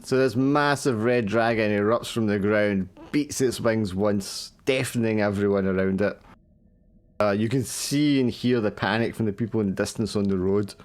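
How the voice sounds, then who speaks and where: A man with a somewhat low voice runs a tabletop game over a call. He narrates each scene vividly and teases his players between rolls. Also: moderate pace. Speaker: game master.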